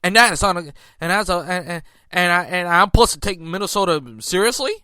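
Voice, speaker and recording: Heated high-voiced man ranting about basketball. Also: a little fast, pushed and bright, smooth, no echo, studio quality. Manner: heated, repetitive restarts, incredulous outbursts. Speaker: sports podcast host. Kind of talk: casual sports commentary.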